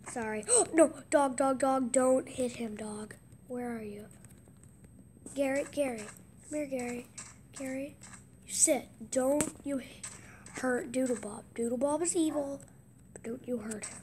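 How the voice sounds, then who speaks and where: An excitable woman casually commentating a game, gasping with surprise and slipping into hushed asides. Her voice is high, and she talks at an unhurried pace. There is a faint noise underneath. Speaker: gameplay commentator.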